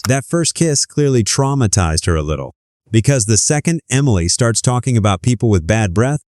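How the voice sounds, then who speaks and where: A man's voice: medium pitch, big pitch swings, brisk, darkish tone, no echo, clean studio sound. A man reading wry, scripted narration that links clips together.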